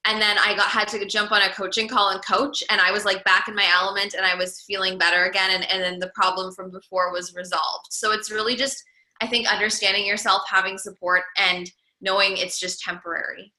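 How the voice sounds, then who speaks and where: A woman's voice: mid-range voice, flat delivery, brisk, sharp tone, reverberant, poor audio. A woman entrepreneur and coach talking casually as a podcast guest, full of "like"s and restarts. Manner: chatty, many "like"s and restarts.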